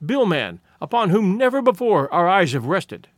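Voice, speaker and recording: A little wizened old hunter asks his doubting question in a lively voice, as a man reads him out. The sound is dry and close. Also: sits high, normal speed, no echo. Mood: doubtful.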